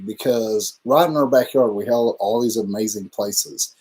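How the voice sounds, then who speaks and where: A man's voice: medium pitch, animated, moderate pace, darkish tone. A man co-hosting a casual live stream. He rambles loosely through his thoughts, swears freely and keeps an easygoing, unpolished tone. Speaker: livestream co-host.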